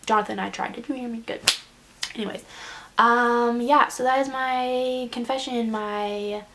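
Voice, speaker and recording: A woman's voice: fairly high pitch, fairly even intonation, moderate pace, fairly bright tone. A young woman vlogging a casual confession, rambling and self-deprecating, close to tears. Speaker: beauty vlogger.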